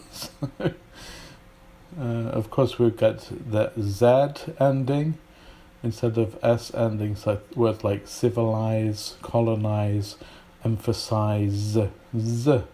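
A man teaching at an unhurried pace, his voice mellow and warm. He explains patiently and illustrates each point with spoken examples. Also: on the low side, little pitch movement. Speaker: English teacher.

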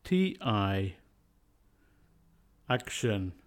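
A man teaching a scripted pronunciation lesson, speaking in slow, carefully spaced words. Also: lowish voice, very animated.

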